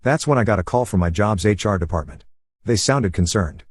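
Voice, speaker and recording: A man narrating a first-person story in an even, steady voice over gameplay. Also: fairly low pitch, a little fast, dry recording, clean studio sound.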